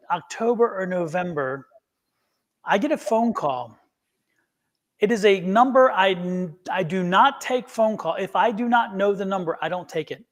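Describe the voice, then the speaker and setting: Storytelling male tarot host, high voice. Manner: rambling, acts out both sides of a phone call. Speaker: tarot reader, show host. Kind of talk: casual storytelling on a live stream.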